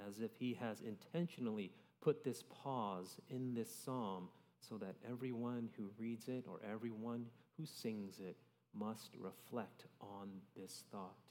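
A man's voice: lowish voice, darkish tone. A young man preaching a sermon in a conversational way, often checking in with "right?" as he reads and explains scripture. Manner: conversational, keeps adding "right?". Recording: long reverb of a large hall.

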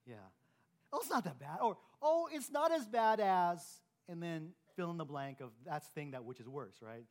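A man preaching a sermon as pastor in a church, talking plainly and acting out the remarks people make in a lively way. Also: a little high. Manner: animated, acts out quoted remarks with rising emphasis.

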